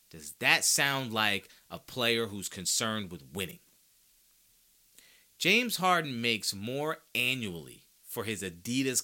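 This sports podcast host rants in a casual, slangy way, his voice very bright and sharp. His pitch swings widely as he fires off rhetorical questions, pushing strong, confident opinions.

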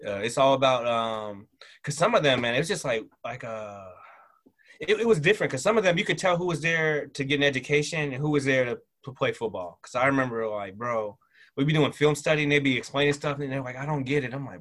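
A middle-aged man telling stories from his past in a relaxed, rambling way, full of fillers and restarts. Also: mid-range voice, fast. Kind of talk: casual interview storytelling.

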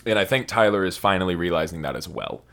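A man's voice: low-pitched, animated, quick pace, fairly bright tone. A young man co-hosting a podcast, rambling and swearing in casual stoned chat. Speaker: podcast co-host.

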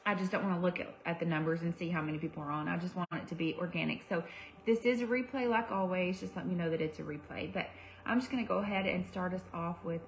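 A woman's voice: on the low side, slight background noise, poor audio. A young woman giving a livestream devotional to women, conversational, with fillers and self-corrections. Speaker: women's ministry speaker.

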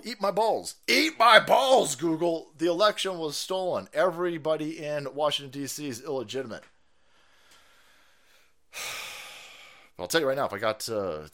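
A man hosting a political stream, ranting loudly and sarcastically with lots of swearing and mocking voices. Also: mid-range voice, brisk, pauses often. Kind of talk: profane ranting commentary.

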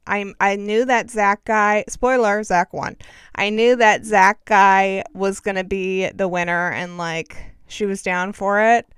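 Chatty woman with a smooth voice. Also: medium pitch, steady tone, takes it slowly, no room sound, studio quality. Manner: chatty, sarcastic, self-deprecating. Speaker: podcast host. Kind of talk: casual chat.

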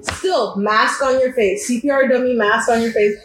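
A woman running a tabletop game as game master, narrating to a player in lively second person. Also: on the high side, normal speed. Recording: roomy echoey room.

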